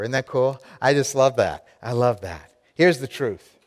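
A man's voice: mid-range voice, lively intonation, measured pace, big-room sound. A man preaching a sermon to his congregation, emphatic and direct, repeating key lines for effect. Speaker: pastor.

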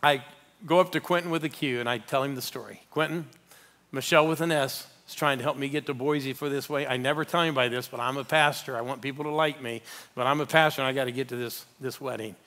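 A man's voice: medium pitch, steady tone, quick pace, a bit bright. A man preaching as a guest pastor in a church, telling a story and urging the congregation to respond. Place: church sanctuary.

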